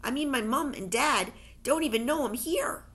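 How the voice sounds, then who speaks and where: A woman's voice: high voice, animated, normal speed, fairly bright tone, slightly rough, heavily acted. A woman voicing a puzzled, hesitant boy. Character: puzzled young boy, wary and uncertain.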